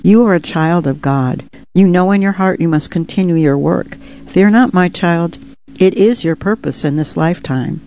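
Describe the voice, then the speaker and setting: A serene little white dove from a storybook reading speaks in a calm, matter-of-fact way, as a woman puts him on. The tone is mellow and even, low on brightness. The recording is a little dull and lo-fi. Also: moderate pace, a little hiss or hum, lightly acted. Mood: calm solemn. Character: calm wise male white dove, spiritual messenger.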